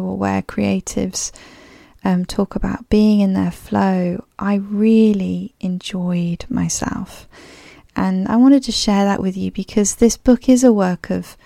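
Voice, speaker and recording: A woman's voice: mid-range voice, gravelly, dark tone, no room sound, clean studio sound. A woman with a clipped, slightly posh English accent, musing thoughtfully on her solo podcast with frequent ums and restarts. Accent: English, clipped and a bit posh. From grew up abroad as a third culture kid. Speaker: podcast host. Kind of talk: reflective solo podcast monologue.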